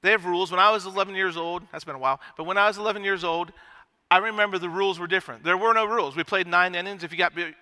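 A middle-aged male pastor preaching a sermon, telling a story with animated swings between loud and hushed delivery. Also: high voice, very fast, in a large hall.

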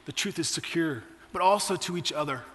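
A pastor in his forties preaches a sermon, sharing personal stories conversationally with his church. His voice is on the high side, a little fast and fairly bright, with a big-room sound.

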